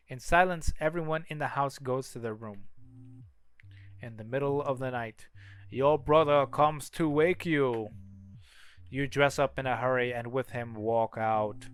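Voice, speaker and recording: A man's voice: medium pitch, measured pace, clean tone, no room sound. A man reading a narrative game aloud during a playthrough, with casual asides. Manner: casual asides between lines.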